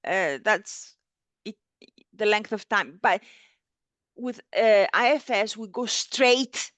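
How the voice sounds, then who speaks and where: A woman's voice: mid-range voice, slow, fairly bright tone, dry recording. A woman therapist co-hosting a casual discussion over a video call, speaking hesitantly with many fillers and restarts. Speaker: therapist and book club co-host.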